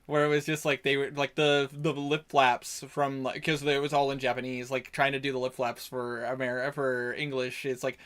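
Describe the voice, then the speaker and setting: A man's voice: mid-range voice, little pitch movement, normal speed, hardly any pauses, fairly bright tone, smooth. A man hosting a tabletop game stream over a voice call, chatting casually, rambling and laughing a lot. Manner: rambling, laughs often, lots of fillers. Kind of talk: casual chat between friends. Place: online voice call.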